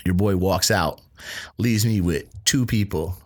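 A man's voice: low-pitched, a little slow. Podcast co-host, male, casual storyteller, swears a lot, acts out the quotes. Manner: animated, profane, acts out quoted voices. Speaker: restaurant line cook.

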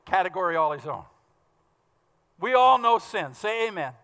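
A fast, fervent male preacher delivering a sermon with a high, bright, pressing voice. His words ring out with a long hall reverb behind them. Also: sing-song.

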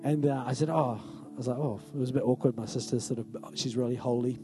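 A man's voice: mid-range voice, fairly even intonation, very fast, dark tone, faint music behind. A male pastor giving a conversational, emphatic sermon in a church and often asking the congregation "right?".

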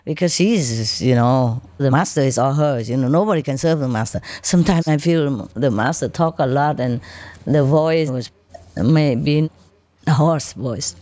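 A woman's voice: extremely low pitch, measured pace, mellow, no room sound. A woman spiritual teacher telling chatty stories to her disciples, laughing often and showing things with her hands. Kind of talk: casual storytelling talk to disciples.

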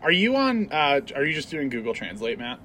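A man's voice: a little high, big pitch swings, fairly quick, noisy background. A man co-hosting a casual podcast, eager and laughing a lot as he chats. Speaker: podcast co-host. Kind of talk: casual chat.

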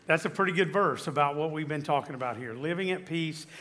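Male pastor, bright and higher-pitched, teaching sermon with scripture and questions to the congregation. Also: fast.

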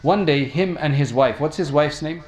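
A man's voice: a little high, moderate pace, darkish tone. A man preaching a sermon, telling stories and asking his listeners questions. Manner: storytelling, addresses audience with questions.

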